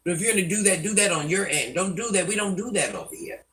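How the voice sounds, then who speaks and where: A woman's voice: lowish voice, sing-song, fast talker, fairly bright tone, far from the mic, slight background noise, poor audio. An older woman hosting a live stream, scolding commenters by name and chatting with viewers. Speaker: livestream host.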